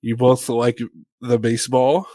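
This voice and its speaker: A man co-hosting a podcast, joking around in loose, halting banter with frequent restarts. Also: mid-range voice, flat delivery, warm tone, dry recording, clean studio sound. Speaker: podcast co-host.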